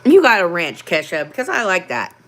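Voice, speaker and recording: A woman with a low voice hosts a casual livestream and talks openly from the heart. She chats with her viewers and stops often for an um or a pause. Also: huge pitch swings, fairly bright tone. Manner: heartfelt, open, with frequent ums. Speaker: livestream host.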